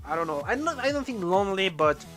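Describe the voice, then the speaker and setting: A woman's voice: mid-range voice, very animated, fast talker, a bit bright, soft background music. A woman giving a casual spoken review of an anime episode. She rambles in English as a second language, with loose grammar and many restarts.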